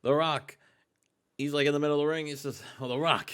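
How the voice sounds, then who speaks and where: A man with a fairly high, clear, resonant voice talks quickly but flatly, narrating wrestling game results to a co-host. It's casual gaming commentary, full of jokes, free swearing and hype-man flair.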